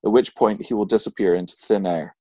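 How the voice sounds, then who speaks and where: A man's voice: on the low side, fairly even intonation, fairly quick, dark tone, no room sound. A man co-hosting a podcast, telling ghost stories in a casual chat, laughing often and swearing freely as he reads. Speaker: podcast co-host.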